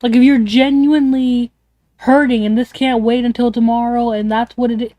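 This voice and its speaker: Young woman, streamer, casual venting, emotional, rambling, slightly high voice. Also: steady tone, normal speed, warm tone, no room sound. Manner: rambling, emotional, swears often.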